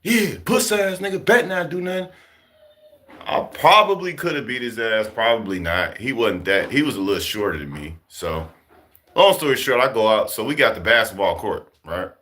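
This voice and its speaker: A man from Chicago casually telling a story to his viewers, profane and animated, laughing as he goes. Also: on the low side, moderate pace. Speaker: vlogger talking to his viewers.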